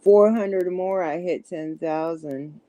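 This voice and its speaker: A woman's voice: fairly low pitch, slow, warm tone, dry recording. A middle-aged woman with a heavy Southern country accent, chatting casually on a livestream and sometimes stumbling over her words. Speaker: livestream host. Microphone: phone.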